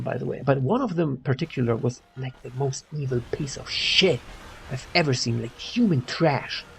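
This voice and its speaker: A man's voice: medium pitch, vocal fry, a little hiss or hum. A young man from Germany with a German accent, ranting angrily in a casual vlog, swearing and rambling with many fillers.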